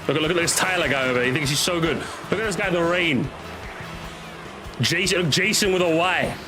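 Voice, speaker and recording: A young man chatting casually while streaming a racing game with viewers, excitable and swearing, repeating himself in bursts. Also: fairly high pitch, a little fast. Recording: game music behind.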